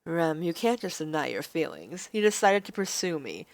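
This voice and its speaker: A woman's voice: deep voice, very animated, moderate pace, pitched below the performer's own voice. A woman reading as an arrogant, domineering young nobleman. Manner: cold, domineering, menacing threats. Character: arrogant manipulative young male noble, controlling. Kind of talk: visual novel read-aloud.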